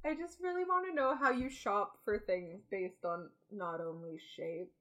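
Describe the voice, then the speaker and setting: A young woman co-hosting a podcast, telling a story in an animated way and laughing often in casual chat. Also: mid-range voice, measured pace. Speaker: podcast co-host.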